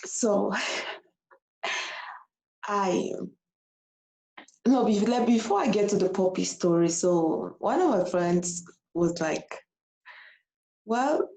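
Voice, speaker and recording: Woman vlogger, casual emotional story, mellow gravelly voice. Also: mid-range voice, slow pace, long pauses, poor audio. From abroad. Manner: animated, repeats herself.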